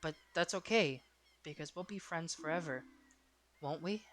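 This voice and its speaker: A player reading as a gentle forest girl. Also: medium pitch, moderate pace, noisy background, lightly acted. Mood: tender. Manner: soft, quiet, tender.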